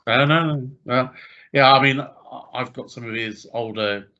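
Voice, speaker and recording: A man's voice: mid-range voice, moderate pace, pushed and bright, highs cut off. A man hosting a podcast in casual chat, hesitant and agreeable, often restarting his sentences and using lots of fillers.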